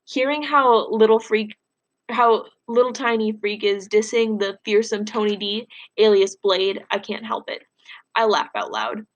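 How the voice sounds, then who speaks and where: A woman's voice: mid-range voice, a little slow, muffled recording. Woman teacher reading aloud. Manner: plain, steady reading with instructions to students. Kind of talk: reading a novel aloud and giving a recorded lesson.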